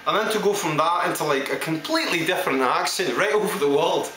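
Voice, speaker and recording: A man's voice: on the high side, animated, quick pace, bright, forceful tone, a little hiss or hum. A man, an actor, talking casually to camera while switching through a string of different English accents. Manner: hops between English accents, chatty and self-assured. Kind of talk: accent showreel monologue. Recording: echoey room.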